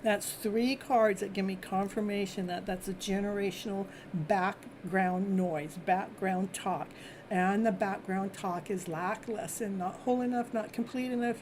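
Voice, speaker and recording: A woman hosting a live tarot reading, chatty and reassuring, often clearing her throat and laughing as she talks. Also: medium pitch, steady tone, takes it slowly, darkish tone, slight background noise. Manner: repetitive, reassuring phrasing. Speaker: tarot reader and host.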